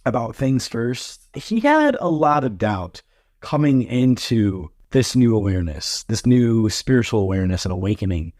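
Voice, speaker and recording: A man doing a casual spiritual card reading, speaking gently and reassuringly, with frequent pauses and fillers. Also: medium pitch, big pitch swings, no room sound, clean studio sound. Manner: gentle, halting, filler-heavy reassuring talk. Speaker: tarot card reader.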